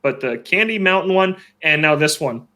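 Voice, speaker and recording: Lively, bright-voiced male podcast host. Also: fairly high pitch. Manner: quick wry remarks, lively reading of news lists. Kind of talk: casual podcast chat and news rundown.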